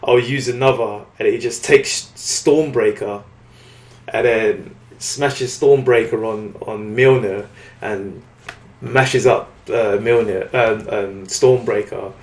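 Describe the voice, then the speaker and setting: A man's voice: lowish voice, fairly even intonation, takes it slowly, roomy sound. A man casually recapping a comic book story on a podcast, rambling and acting out the characters' lines. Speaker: podcast co-host.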